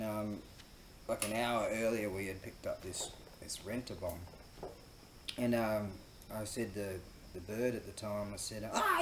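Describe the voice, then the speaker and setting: A man's voice: lowish voice, darkish tone. A man with an Australian accent telling a rambling, profane story in a casual monologue, full of fillers and laughing at himself. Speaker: host. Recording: echoey room with faint ambient noise.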